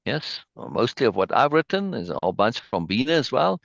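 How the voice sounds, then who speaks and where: A man's voice: mid-range voice, sing-song, brisk, vocal fry, fairly bright tone, no echo, lo-fi sound. A man leading an online meeting, emotionally praising a poem and reading it aloud, repeating words as he goes. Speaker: spiritual group leader. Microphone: video call.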